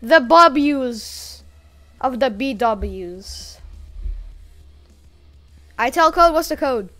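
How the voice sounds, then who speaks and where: A streamer giving excited live commentary while playing a game with viewers, breaking into hyped shouts and chants. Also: high voice, extremely slow, soft background music. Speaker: livestreaming gamer playing with viewers.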